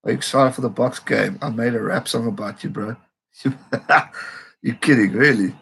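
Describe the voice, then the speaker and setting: A man from South Africa hosting a live rugby reaction stream, excitable and reading viewer comments aloud. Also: medium pitch, normal speed, vocal fry, husky.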